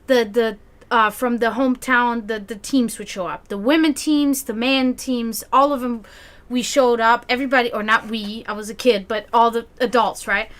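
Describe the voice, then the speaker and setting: A woman's voice: a little high, moderate pace. A woman telling a long family story in a casual way, acting out the people she quotes and laughing often. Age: adult, grew up with a brother. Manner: animated, acts out quoted voices, laughs often, profanity. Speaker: community gathering host.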